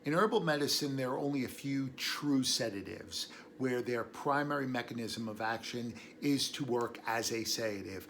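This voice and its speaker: A man's voice: mid-range voice, moderate pace, hardly any pauses, a bit bright, slight background noise. A man hosting a casual educational talk on herbal medicine, rambling into tangents and chuckling between thoughts. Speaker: herbalist host.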